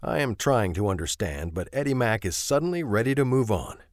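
Low, dry-voiced male audiobook narrator. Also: sing-song, brisk, no room sound. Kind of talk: first-person audiobook narration.

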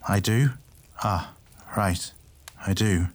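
A man's voice: on the low side, slow pace. An actor playing a blunt, troubled male warrior captain in an audio drama. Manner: blunt and gruff.

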